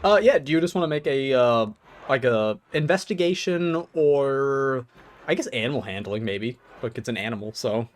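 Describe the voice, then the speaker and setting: A man's voice: mid-range voice, normal speed. A man running a tabletop game as game master. He laughs often and talks with many ums and likes.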